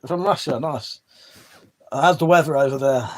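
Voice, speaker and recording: An English man with a mid-range voice at a moderate pace hosts a casual livestream, reading chat from an indoor room with weapons mounted on the wall. His talk is loose and rambling, full of free swearing and sentences he cuts short.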